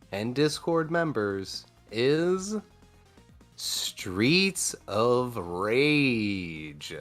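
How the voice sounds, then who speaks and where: A man hosting a livestream countdown, announcing in a drawn-out, emphatic way. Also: medium pitch. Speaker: stream host.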